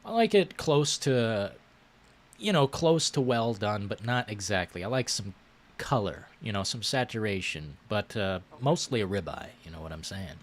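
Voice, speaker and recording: A man's voice: on the low side, expressive, normal speed. A male host of a casual chat show, laid-back and drawing out his exclamations.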